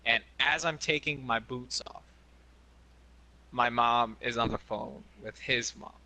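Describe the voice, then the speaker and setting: Bright-toned young man rambling casually. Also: mid-range voice, unhurried. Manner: rambling, many restarts and fillers. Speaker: podcast co-host. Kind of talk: casual chat.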